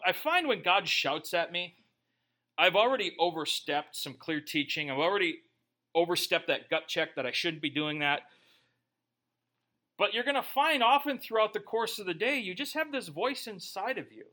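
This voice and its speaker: Bright-voiced male pastor preaching. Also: high voice, normal speed. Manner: conversational, joking asides, lively. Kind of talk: sermon.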